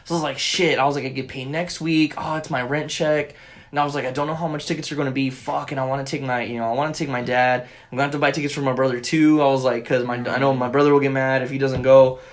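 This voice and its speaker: A young man co-hosting a casual podcast chat, telling a rambling, profanity-laden story with excitable bursts, recorded on a phone. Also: medium pitch, fast. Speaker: podcast co-host.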